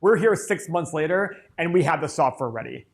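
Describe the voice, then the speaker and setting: A man with a notably high voice co-hosts a live stream. He lays out instructions one step at a time in an upbeat, explanatory tone. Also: animated, a little fast, gravelly. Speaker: co-host announcing a software release.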